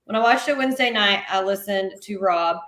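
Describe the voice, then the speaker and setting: Woman podcast cohost, lively storytelling, echoey room sound. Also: mid-range voice, fairly quick. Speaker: podcast co-host. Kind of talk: casual sports chat.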